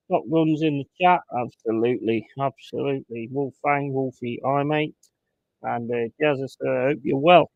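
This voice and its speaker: Brief: man, fan watchalong host, slightly high voice, dry close sound, swearing rants. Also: no echo. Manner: swearing, exasperated ranting outbursts. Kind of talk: live match commentary and chat.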